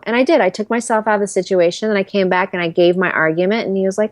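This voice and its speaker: A woman's voice: mid-range voice, very fast, no echo. A woman in her thirties, a career strategist and interview guest, talking candidly and animatedly. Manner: candid, animated storyteller who acts out quotes. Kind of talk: casual interview conversation.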